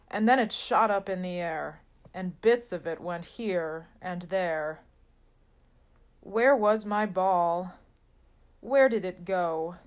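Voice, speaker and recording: Woman reading a children's picture book aloud, sing-song rhymes, slow pace, mid pitch. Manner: sing-song rhyming delivery. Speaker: storybook reader.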